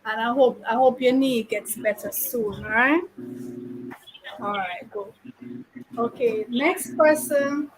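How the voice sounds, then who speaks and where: A woman's voice: on the high side, takes it slowly, long pauses, a little hiss or hum, rough recording. A woman teacher, chatting playfully with her pupils in a classroom and teasing them with questions. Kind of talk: casual chat with pupils.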